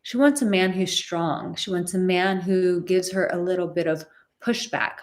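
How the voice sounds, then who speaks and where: A woman's voice: on the low side, moderate pace. A woman coaching on dating in a live stream, emphatic and repeating words for stress, acting out bits of dialogue. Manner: acts out quoted dialogue.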